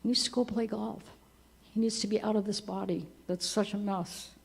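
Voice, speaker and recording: A woman in her seventies giving a eulogy for her husband at a church memorial, telling gentle, conversational stories and laughing softly at them. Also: mid-range voice, fairly even intonation, normal speed, creaky, breathy edge. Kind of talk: personal storytelling at a memorial service. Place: church service.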